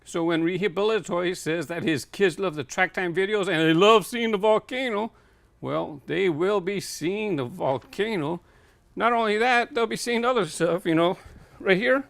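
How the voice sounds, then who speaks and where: Gravelly rambling man showing his collection. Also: sits high, a bit bright, no echo. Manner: rambling, filler-heavy, thinking aloud. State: out of breath. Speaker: toy car collector vlogger. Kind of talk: casual walk-through vlog. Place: home warehouse room.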